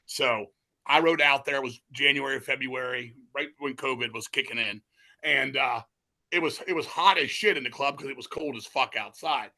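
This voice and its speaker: A man talks in a very bright, forceful voice, rambling through his stories with heavy cursing and frequent restarts. His tone is excitable and conversational, like an interview guest holding forth. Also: mid-range voice, normal speed. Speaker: interview guest, metal musician. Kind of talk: casual storytelling chat.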